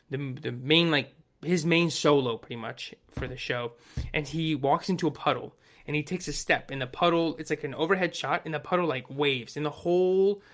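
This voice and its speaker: A man co-hosting a podcast, chatting casually and rambling excitedly with many fillers and restarts. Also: a little high. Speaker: podcast co-host. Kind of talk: casual chat.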